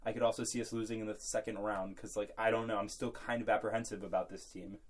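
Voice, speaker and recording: A man's voice: on the low side, flat delivery, quick pace. A young man co-hosting a casual sports podcast, chatty and laughing often. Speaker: podcast co-host.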